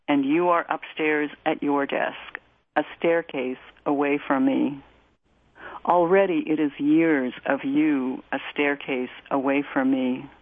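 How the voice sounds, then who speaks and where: A woman radio host reading a poem aloud in a measured, deliberate way and introducing a song. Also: low voice, no echo. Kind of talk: poetry reading and music introduction. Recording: tinny phone-like line.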